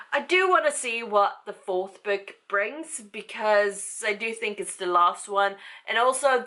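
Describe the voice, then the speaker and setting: A woman's voice: fairly high pitch, pushed and bright. A woman reviewing a book series in a casual vlog, rambling and exasperated yet amused, with frequent sighs and fillers.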